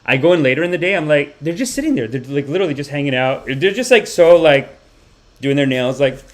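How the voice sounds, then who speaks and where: A man hosting a live comedy podcast, telling a rambling story in an animated way, swearing freely and acting out the people he describes. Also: a little high, fast talker. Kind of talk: rambling comic monologue on a live stream.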